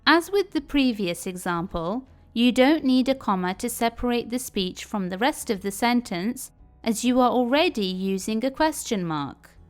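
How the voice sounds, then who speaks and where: A woman giving a scripted English lesson, explaining each point clearly and carefully. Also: a little high, expressive, normal speed, faint music behind. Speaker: English teacher.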